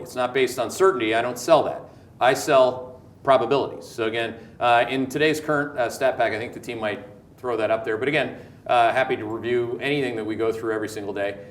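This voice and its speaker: A man with a Canadian accent hosting a market commentary show, talking in an animated, emphatic, joking way that circles back on itself. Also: mid-range voice. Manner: animated, emphatic, jokey, repeats words. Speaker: host. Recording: echoey room.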